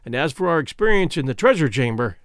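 Brief: male audiobook reader, high animated voice, measured storytelling, dry booth sound. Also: smooth, dry recording. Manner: measured first-person storytelling. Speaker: audiobook narrator. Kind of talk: scripted narration.

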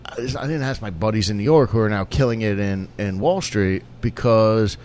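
A man's voice: on the low side, moderate pace, darkish tone, slight background noise. A man in his forties, a restaurant owner being interviewed, telling stories in an easygoing, rambling way and often restarting his sentences. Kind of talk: casual storytelling interview.

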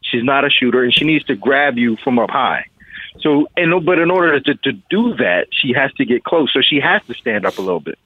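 A man's voice: medium pitch, expressive, brisk, husky, no echo. A man calling in as a guest fight coach, brash and trash-talking in a casual interview. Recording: tinny phone line.

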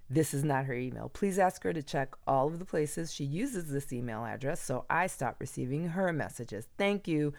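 A woman chatting casually on a podcast, telling animated stories and acting out her own panicked voice. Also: sits low, moderate pace, few pauses. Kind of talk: casual chat.

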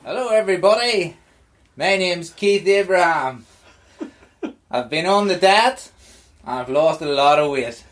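A man putting on his co-host's slow, flat, deadpan way of talking. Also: sits high.

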